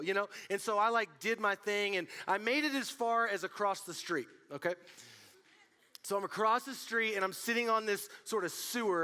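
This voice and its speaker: A young man preaching a casual youth sermon, telling stories with lots of fillers and an animated delivery. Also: high-pitched, brisk, clear, resonant tone. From Colorado. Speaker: youth pastor.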